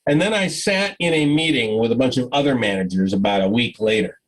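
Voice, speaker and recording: Animated husky-voiced man giving a talk. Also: mid-range voice, brisk, rough recording. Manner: animated storyteller, acts out dialogue, laughs often. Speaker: conference speaker. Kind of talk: conference talk with Q&A. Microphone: video call.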